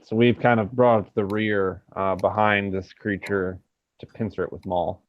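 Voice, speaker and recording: A man's voice: fairly low pitch, steady tone, moderate pace, no echo, highs cut off. A man playing a tabletop game, describing his character's attacks hesitantly with fillers. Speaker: player.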